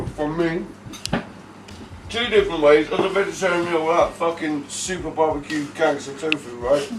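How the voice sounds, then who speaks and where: Tipsy guy rambling and swearing, kinda high voice, echoey room, far from the mic, noisy. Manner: loose, rambling, swearing, joking. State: slightly intoxicated. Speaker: guest taste-tester. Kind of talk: casual banter.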